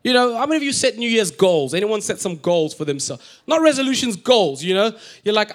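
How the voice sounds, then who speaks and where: A man's voice: high-pitched, a little fast, hardly any pauses. A man preaching a sermon in a church, telling a funny personal story, joking and acting out what people say. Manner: animated, joking, acts out quotes.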